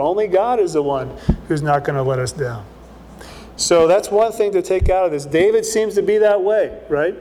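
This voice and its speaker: A man's voice: on the high side, normal speed, dark tone, slight background noise. A man preaching a conversational sermon as a pastor, often checking in with "right?", in a church hall.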